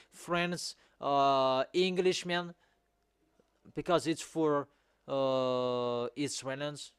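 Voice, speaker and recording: A man preaching a sermon in non-native English, repeating his points with emphasis and rising to loud exhortation. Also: mid-range voice, steady tone, extremely slow, clear, resonant tone, no echo, clean studio sound.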